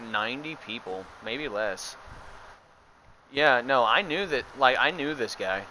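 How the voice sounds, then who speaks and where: A man's voice: a little high, sharp tone, a little hiss or hum. A young man telling a long story while he streams a game, swearing often and laughing. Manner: profane, laughing, full of fillers. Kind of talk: casual rambling storytelling while gaming.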